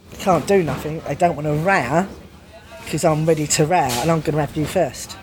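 Foul-mouthed woman telling stories. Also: fairly quick. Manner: animated, heavy swearing, laughs often, acts out quotes with big pitch jumps. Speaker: guest telling a prison story. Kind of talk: casual storytelling chat. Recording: noisy background.

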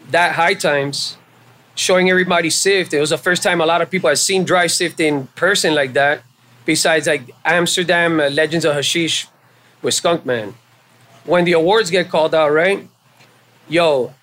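A man with a fairly high voice tells his story on a podcast, loose and casual. He swears freely and jumps into the voices of the people he's quoting, keeping the telling animated. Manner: animated and profane, acting out quoted exchanges. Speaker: podcast guest. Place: live show at a venue.

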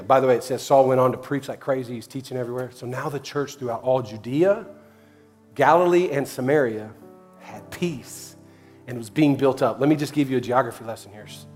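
Fiery, folksy male preacher over soft music. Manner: fiery, high-energy preaching with big swings in loudness and pitch; folksy and playful, with slangy asides. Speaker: pastor. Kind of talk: sermon. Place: church sanctuary, with a keyboard playing behind.

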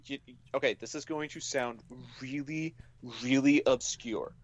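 A man's voice: mid-range voice, measured pace, dry recording. Male podcast co-host, mid voice, rambling storyteller, dull lo-fi recording. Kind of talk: casual podcast chat.

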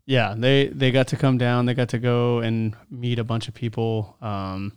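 A man's voice: medium pitch, level tone, normal speed, clean tone, dry recording, studio quality. A man in his thirties co-hosting a podcast, telling stories in an easygoing, laid-back way. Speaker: podcast co-host. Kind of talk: casual chat.

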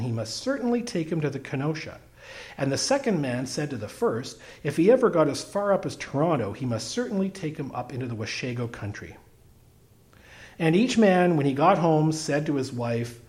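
A man narrates a humorous story aloud. His delivery is wry and expressive, and his pitch moves animatedly through each sentence. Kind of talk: storybook reading.

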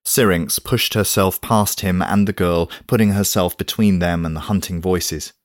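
A man with a very low voice narrates an audiobook in a steady, measured way. The sound is close and dry, with no room around it. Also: no room sound. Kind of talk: scripted narration.

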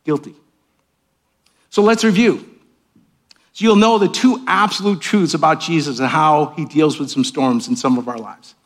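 A man preaching a sermon as a pastor in a church, swinging between raised, emphatic lines and hushed, quiet asides. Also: fairly high pitch, normal speed, long pauses. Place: church sanctuary with cameras.

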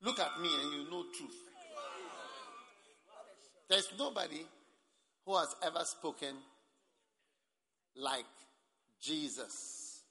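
A man preaching a sermon at a camp meeting, speaking emphatically, often rising to shouts and calling for amens. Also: a little high, expressive, takes it slowly, pauses often. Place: large hall at a camp meeting. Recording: echoey hall.

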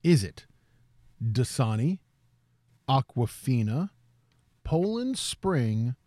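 A man hosting a trivia game, reading out questions and answer choices slowly and deliberately. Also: mid-range voice, very animated, mellow, dry recording, clean studio sound. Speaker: quiz host.

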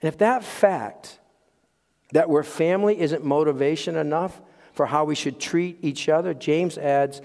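Pastor guy giving a sermon, fairly high voice, drops to almost a whisper then punches back up, echoey hall. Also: unhurried. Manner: lively, swinging from loud emphasis to near-whispered asides; chuckles at his own jokes. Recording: long hall reverb.

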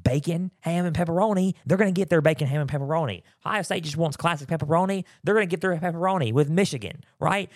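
Male sports podcast host, mid-pitch, dry close sound, rambly delivery full of fillers, scratchy throat. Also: fast, hardly any pauses, dry recording. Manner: rambling, repeats himself with many fillers. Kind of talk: casual sports talk. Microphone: close mic, sometimes turning away.

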